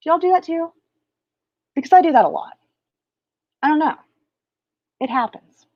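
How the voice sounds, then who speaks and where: With a high, sing-song voice, this woman hosts a spiritual livestream in a slow, drawn-out teaching style. She chats casually and crassly, rambles and loses her thread, and the recording is dry and dull.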